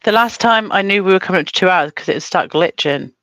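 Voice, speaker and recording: A woman's voice: lowish voice, fast, a bit bright, no echo. A woman from the United Kingdom co-hosting an art stream over a video call, chatting casually. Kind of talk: casual chat.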